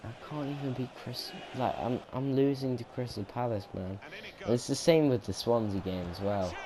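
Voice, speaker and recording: A man's voice: mid-range voice, moderate pace. A young man casually commentating his football game footage, rambling and chatty with many ums and restarts. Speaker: gaming commentator. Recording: noticeable background noise.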